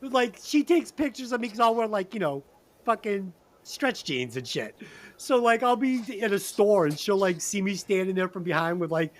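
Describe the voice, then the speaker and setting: A man's voice: high voice, expressive, moderate pace. Rowdy, profane man laughing through a podcast. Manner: loud, profane and rambling, laughing often. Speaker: podcast co-host. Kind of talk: casual comedy podcast banter.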